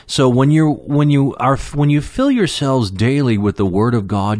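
A middle-aged male preacher teaching verse by verse, pausing on filler sounds and slowing down to read quoted verses. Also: mid-range voice, expressive, darkish tone, dry recording, studio quality. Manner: explains Greek terms, frequent uh fillers, slows for quoted verses.

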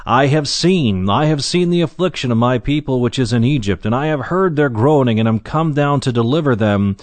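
Male Bible teacher, mid-pitched voice, dry close sound, reads verses slowly then explains with hesitant restarts. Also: animated, a little mellow, no echo.

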